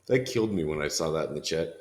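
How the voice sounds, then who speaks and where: A man's voice: a bass voice, lively intonation, slight background noise. A man in his thirties, a podcast guest chatting casually, often breaking into laughs and restarting his sentences. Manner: laughs often, talks in quick bursts with restarts. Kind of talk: casual conversation.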